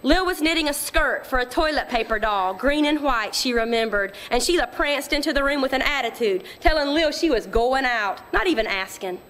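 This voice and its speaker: A woman narrating literary fiction in a measured, quiet storytelling manner. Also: high-pitched, lively intonation. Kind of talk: audiobook reading of literary fiction.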